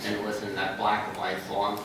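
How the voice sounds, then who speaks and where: A man's voice: on the low side, monotone, a little fast, gravelly. An older man telling stories as a guest on a convention panel, chuckling and restarting his sentences often. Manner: rambling, chuckling, with many restarts. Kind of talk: panel Q&A storytelling. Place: large convention hall. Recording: echoey convention hall, noisy, from far off.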